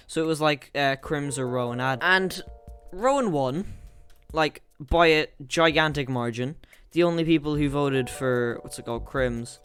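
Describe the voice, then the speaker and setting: A man's voice: mid-range voice, moderate pace, a bit bright, soft background music. A man with an Irish accent hosting a casual storytime chat, rambling and laughing at his own jokes. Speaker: channel host.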